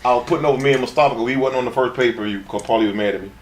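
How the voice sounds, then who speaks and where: A man's voice: medium pitch, racing, reverberant. A man telling crude, rambling stories as an interview guest, often laughing as he talks. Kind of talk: profane shoot-interview storytelling.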